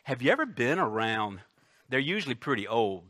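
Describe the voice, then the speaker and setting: A man preaching a sermon, emphatic, swinging between loud declarations and hushed asides, reading scripture slowly. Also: medium pitch, big pitch swings. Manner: reads scripture aloud slowly and deliberately.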